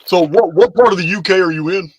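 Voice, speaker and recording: Talking fast in a high voice, a man who lives in Texas hosts a casual live chat, rambling and frequently saying the same things again. The audio sounds dull.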